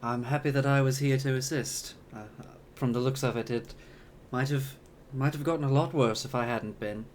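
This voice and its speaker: A polite female battle sister in power armor who speaks courteously and a little hesitantly, with plenty of fillers, voiced by a man. Her voice is mid-pitched, with a faint hiss in the background. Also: steady tone, moderate pace, natural voice.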